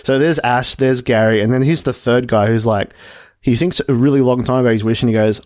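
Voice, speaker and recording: A man's voice: mid-range voice, quick pace, darkish tone, dry recording, studio quality. Rambling giggly man telling a joke. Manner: rambling, giggly, lots of fillers and asides. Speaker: podcast co-host. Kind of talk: casual comedic chat, retelling a joke.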